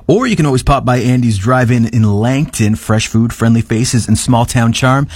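A man's voice: medium pitch, normal speed, darkish tone, breathy edge, dry recording. A man co-hosting a radio show, bantering loosely and joking his way through a contest promo. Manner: easygoing, joking, loose ad-lib delivery. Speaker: radio co-host.

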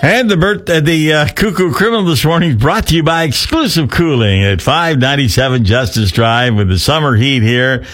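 A man's voice: a little high, expressive, a little fast, few pauses, a bit bright, soft background music. A man hosting a morning radio show, chatting through an ad read and a funny news story. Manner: chatty, laughing at his own story. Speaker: radio host.

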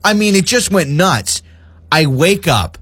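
Animated male radio co-host telling a story. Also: high-pitched, measured pace, breathy edge, no room sound. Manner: animated storyteller, exaggerated retelling. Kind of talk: casual radio banter.

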